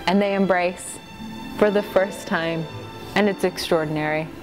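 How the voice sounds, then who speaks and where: Tipsy woman, profane rambling recap, slow drawl, faint music behind. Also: fairly low pitch, fairly even intonation. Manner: profane, rambling, laughing asides. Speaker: host. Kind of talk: tipsy comic movie recap.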